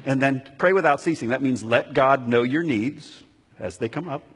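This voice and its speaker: A man's voice: mid-range voice, moderate pace, breathy edge. A man preaching a sermon as a pastor who keeps asking the congregation questions, recorded in a church sanctuary. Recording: long reverb of a large hall.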